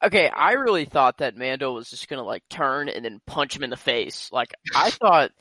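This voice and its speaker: A young man guesting on a casual podcast, animated and quick to laugh. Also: mid-range voice, no echo.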